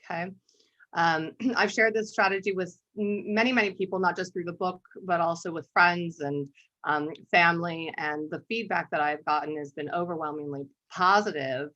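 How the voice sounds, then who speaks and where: Woman art therapist, conversational webinar talk, somewhat low voice, frequent throat clearing, muffled lo-fi call audio. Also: fairly even intonation, normal speed, sharp tone. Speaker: art therapist and workshop presenter.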